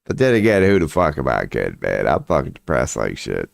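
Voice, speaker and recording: A man's voice: a bass voice, wildly swooping pitch, a little fast, gravelly, no room sound. A tired man rambling indoors at home in a late-night vlog, profane, slangy and laughing at himself. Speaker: vlogger.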